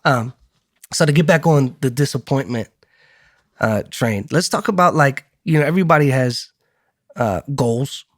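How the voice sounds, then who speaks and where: A man co-hosting a podcast, telling stories in casual chat, easygoing and quick to laugh. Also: medium pitch, a bit bright, no room sound, studio quality. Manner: storytelling, easygoing, laughs often. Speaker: podcast co-host.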